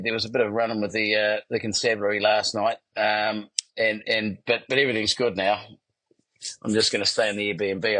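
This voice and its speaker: A man's voice: on the low side, a bit bright, no room sound, rough recording. A middle-aged man, a podcast host telling cheeky stories with a laugh over a video call. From New Zealand. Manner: cheeky, laughing, rambling storyteller. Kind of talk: casual podcast chat.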